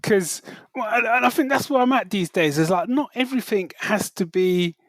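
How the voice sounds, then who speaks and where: A man's voice: sits high, normal speed, no room sound. A man co-hosting a casual podcast chat, telling stories with animation and humming theme tunes as he goes. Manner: animated storyteller who hums theme tunes. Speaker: podcast co-host.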